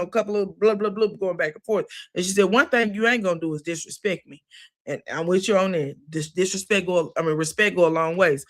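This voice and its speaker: A woman's voice: medium pitch, a bit bright. A woman giving a chatty, sassy recap of a reality show, full of asides. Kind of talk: casual recap commentary.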